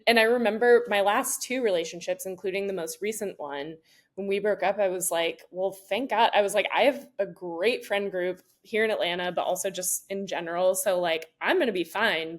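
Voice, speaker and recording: A woman's voice: medium pitch, moderate pace. A woman in a mid-range voice co-hosts a podcast. She is chatty and anecdotal, with plenty of "like" fillers. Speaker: podcast co-host. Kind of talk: casual podcast chat.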